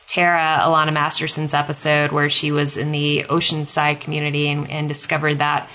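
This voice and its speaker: Woman podcast host, casual chat, rambling, bright tone, lowish voice. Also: monotone, a little fast, rough recording. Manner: chatty, rambling, frequent fillers and laughs.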